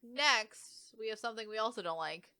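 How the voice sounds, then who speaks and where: A woman's voice: on the high side, normal speed, dry recording. A young woman co-hosting a podcast in casual chat, opinionated and running through a countdown list. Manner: animated, opinionated, runs the song list. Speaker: podcast co-host.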